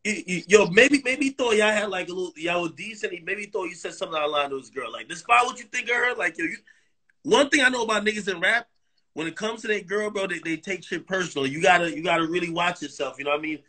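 Fast, bright-voiced male livestream host. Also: high voice. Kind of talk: casual interview chat. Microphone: phone livestream.

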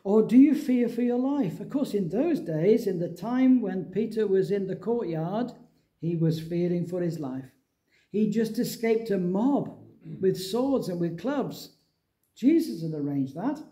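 A middle-aged man from England preaching a sermon, telling a Bible story with lively acted-out dialogue. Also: high-pitched, unhurried.

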